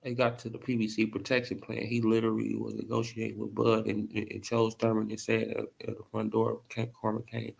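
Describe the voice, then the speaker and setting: A man's voice: on the low side, monotone, a little fast, creaky, few pauses, a little mellow. A man hosting a casual boxing commentary stream, talking loosely and tagging points with rhetorical "right?". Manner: loose and repetitive, tags lines with "right?". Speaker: host.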